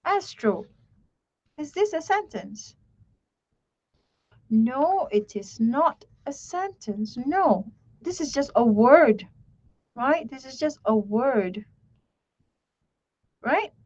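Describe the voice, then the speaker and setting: A woman teaching English grammar in an online lesson, slowly repeating herself and checking in with "right?" and "okay". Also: high-pitched, sing-song, darkish tone, muffled recording.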